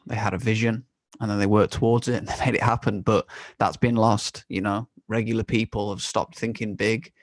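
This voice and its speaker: A man's voice: on the low side, steady tone, a little fast, dry recording. A young man hosting a podcast in a candid, conversational monologue, swearing and laughing now and then. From United Kingdom. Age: young adult. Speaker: podcast host. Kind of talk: casual monologue.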